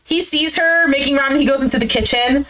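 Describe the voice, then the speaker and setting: A woman giving a casual, opinionated recap of a reality show, animated and exasperated, with lots of "like". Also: sits high, fast talker, rough recording. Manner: animated, exasperated commentary with frequent "like".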